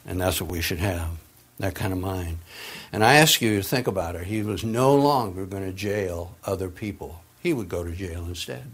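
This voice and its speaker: A man preaching a sermon, swinging between hushed, drawn-out phrases and emphatic, raised passages, with dramatic pauses. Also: fairly low pitch.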